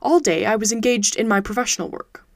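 A woman reading a classic detective story aloud as host of her audiobook podcast, steady and even. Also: medium pitch, fast, no room sound, studio quality. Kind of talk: audiobook narration.

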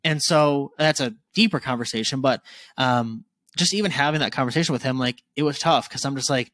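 A man in his twenties talking candidly as a podcast guest, casual and animated, swearing freely. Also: mid-range voice, brisk, no echo. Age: 20s.

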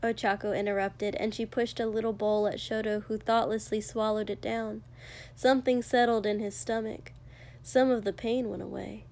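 A woman narrating a fiction story aloud in a measured, expressive way. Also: mid-range voice. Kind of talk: audiobook fiction reading.

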